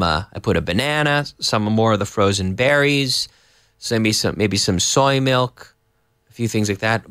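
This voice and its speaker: A man teaching a live online English lesson, explaining slowly and adding Spanish glosses. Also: fairly low pitch, a bit bright, no echo, clean studio sound.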